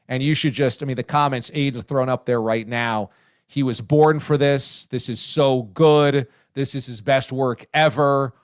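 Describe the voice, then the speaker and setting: A male sports radio host giving loud, effusive praise and chatting casually with his guest. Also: medium pitch. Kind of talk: casual talk radio chat.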